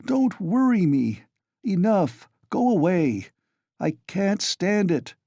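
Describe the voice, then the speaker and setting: A man's voice: high-pitched, very animated, slow pace, creaky, warm tone, no echo, clean studio sound, voice pushed up, exaggerated voice. A man reading an audiobook, voicing a feverish, overwrought young man who talks in agitated, insistent bursts. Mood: irritable.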